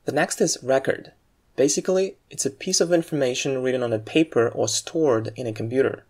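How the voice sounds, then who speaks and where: A man giving a scripted aviation English lesson, explaining word stress in a clear, measured way and reading example sentences. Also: mid-range voice, a little mellow.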